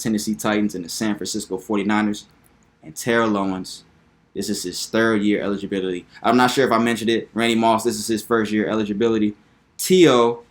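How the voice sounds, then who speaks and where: A young man with a lowish voice hosts his own sports talk video. He is animated and hyped, and he repeats his points for emphasis in a casual, chatty delivery.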